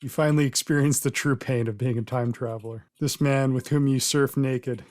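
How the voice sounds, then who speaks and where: A man's voice: mid-range voice, steady tone, normal speed, darkish tone. A man narrating a tabletop game as game master, telling the scene in an easygoing, descriptive way.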